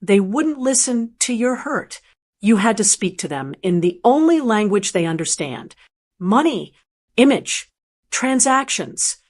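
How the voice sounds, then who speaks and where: A woman's voice: on the high side, big pitch swings, a little slow, darkish tone. A woman narrator voicing an adult daughter on the phone, urgent and emphatic. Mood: fierce.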